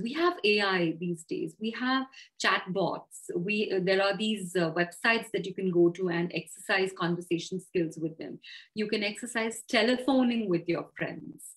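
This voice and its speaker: A woman's voice: mid-range voice, normal speed, fairly bright tone, rough recording. Indian woman trainer, filler-heavy advice. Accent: Indian English. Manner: thoughtful, with many fillers and self-corrections. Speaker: communication trainer. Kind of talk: advice-giving interview answers.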